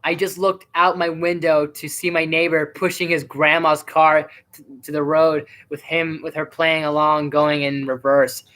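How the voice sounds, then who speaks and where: Bright-voiced man rambling on a live stream. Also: a little high, flat delivery, measured pace. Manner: rambling and chatty, with many fillers. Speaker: live streamer and movie reviewer. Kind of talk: casual live-stream commentary.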